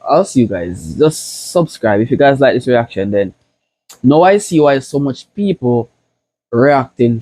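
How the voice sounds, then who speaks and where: Young Jamaican reaction host, warm mellow tone, openly emotional, casual. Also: male voice, mid-range voice, no room sound. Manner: emotional, keeps saying "bro".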